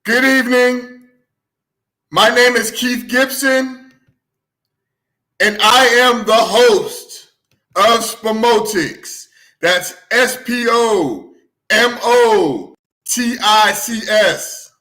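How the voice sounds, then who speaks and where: A man hosting a sports talk show, hyped and loud, drawing out his phrases slowly and breaking into shouts, a little out of breath. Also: sits high. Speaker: sports podcast host.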